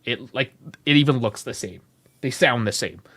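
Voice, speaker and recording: Lively, expressive man on a podcast. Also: medium pitch, moderate pace. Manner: lively, swears freely while telling stories. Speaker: podcast co-host. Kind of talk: casual podcast chat.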